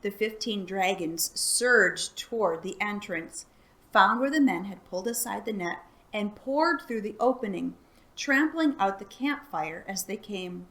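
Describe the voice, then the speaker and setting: A woman reading a children's chapter book aloud for a library storytime, calm and soft-spoken. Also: mid-range voice, measured pace.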